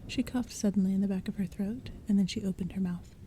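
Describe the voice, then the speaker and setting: A woman reading a storybook aloud as whispered role-play, in a soft, hushed, mostly unvoiced whisper, with faint rain behind her. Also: mid-range voice, fast, a little hiss or hum. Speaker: ASMR audiobook reader. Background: soft rain and thunder.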